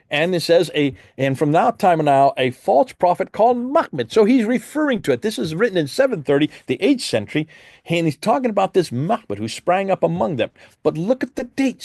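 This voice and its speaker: A man delivers an emphatic lecture, his voice rising and falling in lively swings as he fires rhetorical questions at the audience. The sound is close and dry, with little room around it. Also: on the high side, no room sound. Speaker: Christian apologist presenter. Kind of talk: lecture presentation with slides.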